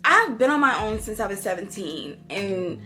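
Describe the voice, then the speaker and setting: A woman's voice: medium pitch, very animated, moderate pace, sharp tone. A woman vlogger telling personal stories to her viewers in a candid, casual way, laughing often and calling them y'all. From not from Houston. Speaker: book review vlogger.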